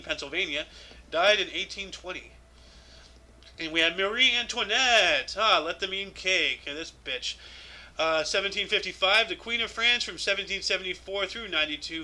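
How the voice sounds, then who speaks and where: A man with a high, piercing voice runs through a history calendar in casual, off-the-cuff commentary. He is irreverent and swears freely, musing aloud between entries. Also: pushed and bright, low-quality recording. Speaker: host reading a daily history calendar.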